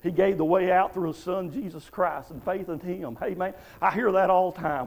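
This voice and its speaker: A man's voice: high-pitched, fairly even intonation, normal speed, gravelly, darkish tone, low-quality recording. A man preaching a fervent revival sermon in a church, punctuated with frequent amens. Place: church sanctuary.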